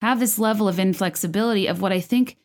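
Speaking fast at a medium pitch, a woman gives casual commentary on a musical from home. She's a chatty, enthusiastic video creator who leans on fillers and often restarts.

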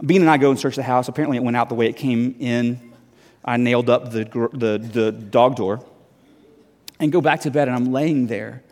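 A man in his thirties, a guest preacher, telling a story in a sermon with lively, self-mocking restarts. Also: medium pitch, vocal fry. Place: church hall. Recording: long hall reverb.

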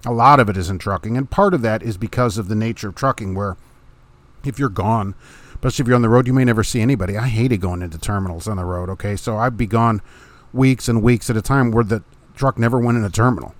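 A man's voice: on the low side, fast talker, no room sound. A middle-aged man, a truck driver hosting his own podcast, talking in a casual, blunt and opinionated way and laughing between points. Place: home room.

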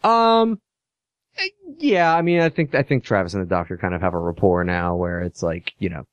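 A man's voice: low-pitched, expressive, moderate pace, no echo. A man playing a tabletop game, describing his moves hesitantly with many fillers. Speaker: player. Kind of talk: casual tabletop game play.

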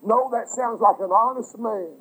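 A man preaching a fervent sermon, crying out at times and filling pauses with "uh". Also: high voice, fairly bright tone, slight background noise, rough recording. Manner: fervent, breaks into cries, many "uh" fillers.

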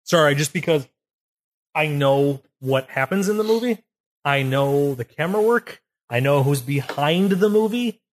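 A man's voice: a little high, lively intonation, measured pace. A man co-hosting a casual film podcast, rambling and restarting as he explains camera technique. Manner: rambling, self-correcting, explains technical detail. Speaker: podcast co-host. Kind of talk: casual chat. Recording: poor audio, uneven levels.

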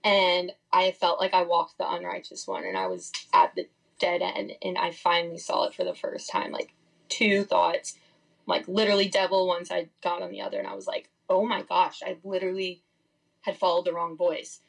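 A woman's voice: on the low side, lively intonation, moderate pace, vocal fry, rough recording. A young woman speaking as a podcast guest, sharing a personal faith testimony in a candid, rambling way full of "like" fillers. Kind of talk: casual testimony.

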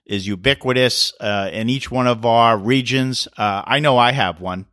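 A man's voice: medium pitch, normal speed, a bit bright, no echo. A middle-aged man with a New York City accent hosts an interview in a chatty, easygoing way and often restarts his phrases. His voice is recorded close and dry. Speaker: podcast host. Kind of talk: casual interview talk.

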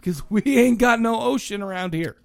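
A high-pitched man riffs through a movie review on his podcast. He rambles, jokes and stumbles over foreign names, his voice dry and close. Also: moderate pace, vocal fry, dry recording. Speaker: podcast co-host. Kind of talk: casual comedic movie review chat.

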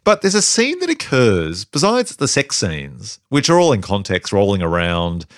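A man with a low voice talks through a film in a relaxed podcast chat. He is animated and laughs often, and he thinks aloud as he goes. The sound is dry and close. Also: normal speed, dry recording. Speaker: podcast co-host. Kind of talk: casual film discussion.

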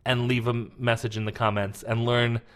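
A man in casual conversation with a voice of average pitch. He rambles, doubles back and stacks fillers while telling family stories. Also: little pitch movement, moderate pace, a bit bright, clear, resonant tone. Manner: rambling, filler-heavy storytelling. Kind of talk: casual chat.

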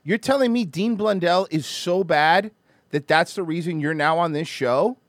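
A man's voice: a little high, moderate pace, dry recording, studio quality. A man hosting a livestream show, mocking and swearing in crude banter. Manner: profane, mocking, loud and animated. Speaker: podcast host.

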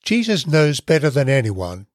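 A man hosting a devotional podcast, teaching from the Bible in a measured, earnest way and stressing key words. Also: mid-range voice, very animated, no room sound, studio quality.

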